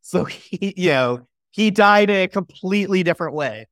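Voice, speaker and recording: A man's voice: high-pitched, lively intonation, moderate pace, a bit bright, no echo. Man explaining a film in a dry close-mic podcast. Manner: thoughtful, explanatory, with restarts. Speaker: podcast co-host. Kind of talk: casual movie discussion.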